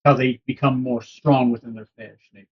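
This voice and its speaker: A man's voice: medium pitch, fairly even intonation, fairly quick, slightly rough. A man narrating a tabletop game as game master, rambling with many fillers. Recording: dull lo-fi recording.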